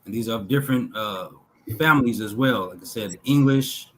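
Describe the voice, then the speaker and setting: A man slowly reading lists of words aloud from a text, pausing between each item in a measured way. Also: medium pitch, a bit bright, low-quality recording. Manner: slow, measured reading with pauses between list items. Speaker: talk show host reading linguistic examples.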